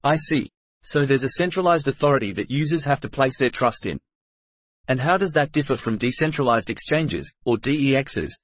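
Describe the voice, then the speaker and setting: A man's voice: medium pitch, expressive, moderate pace, dry recording. Male podcast co-host, mid-range voice, dry and close, upbeat scripted read. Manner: upbeat, polished scripted delivery.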